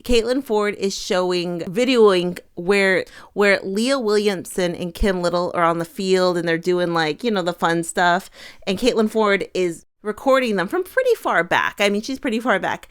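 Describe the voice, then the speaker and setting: A chatty woman co-hosting a casual talk show, retelling clips with bursts of laughter. Her voice is smooth and clear, recorded close and dry with no room sound. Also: mid-range voice, moderate pace, no echo. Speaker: co-host. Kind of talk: casual chat.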